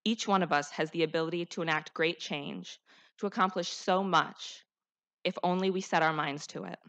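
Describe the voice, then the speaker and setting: At the podium mic, the teenage salutatorian delivers a heartfelt, rousing, earnest graduation address. She speaks at a moderate pace in a lowish, fairly bright voice that keeps a steady tone.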